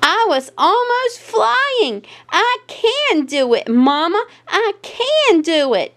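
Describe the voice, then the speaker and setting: A woman voicing a clumsy, eager little girl rabbit in a storybook read-aloud, with excited childlike squeals. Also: high-pitched, takes it slowly, full character voice. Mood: proud.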